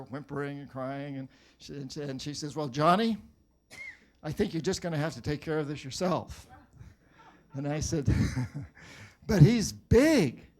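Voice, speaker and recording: With a mid-range, darkish voice, an older New Hampshire author addresses a live audience in a motivational talk. He's rousing, tells stories and throws questions at the crowd.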